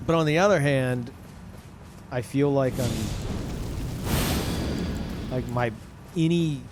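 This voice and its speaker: A man talking casually to his live-stream chat, who calls his own voice monotone. He rambles with many fillers and restarts and swears often. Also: mid-range voice, takes it slowly, background noise. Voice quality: self-described monotone.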